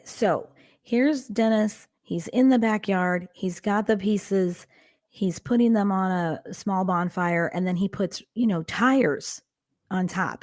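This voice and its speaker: A woman co-hosting a true-crime podcast, telling the case with wry dark humor. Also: medium pitch, no room sound, studio quality. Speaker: podcast co-host and storyteller. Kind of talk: casual true-crime storytelling.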